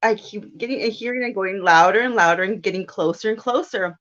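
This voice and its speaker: A woman in her thirties telling a personal story in casual chat, animated and quick to laugh as she acts out her own thoughts. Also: medium pitch, dull audio. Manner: chatty and animated, with laughs and self-quotes. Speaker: guest.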